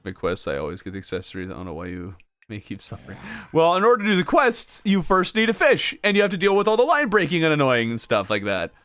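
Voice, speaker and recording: Lively, chatty man streaming a game. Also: a little high, quick pace, dry recording. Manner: chatty, reacts to game events and answers chat aloud; laughs often between remarks. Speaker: streamer playing a video game. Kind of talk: casual livestream chat with viewers.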